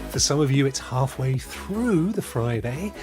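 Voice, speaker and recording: A man's voice: mid-range voice, lively intonation, a little slow, darkish tone, faint music behind. Chatty man hosting a livestream. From England. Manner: chatty, upbeat, laughs often. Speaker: live stream host. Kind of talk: casual live chat, reading viewer comments.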